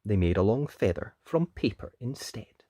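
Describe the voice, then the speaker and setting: A woman reading a rhyming children's picture book aloud, expressive and sing-song. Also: very deep voice, normal speed, no echo, clean studio sound. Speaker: storybook reader.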